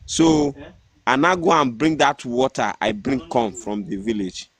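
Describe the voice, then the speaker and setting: A man's voice: medium pitch, lively intonation, measured pace. A man with a Nigerian accent telling a story casually, hesitant and earnest, restarting his sentences often. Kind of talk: casual storytelling in pidgin-tinged English.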